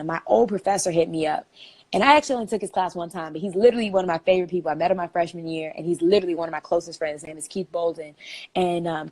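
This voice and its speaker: A woman's voice: lowish voice, a little mellow. A young woman in her twenties, a guest telling a story in a casual, chatty way with lots of "like" fillers.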